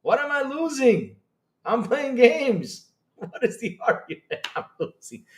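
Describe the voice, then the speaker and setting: A man hosting a live stream, reading chat aloud and reacting with excitable disbelief and frequent laughter. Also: very high voice. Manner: excitable, incredulous, laughing, rapid swings in loudness.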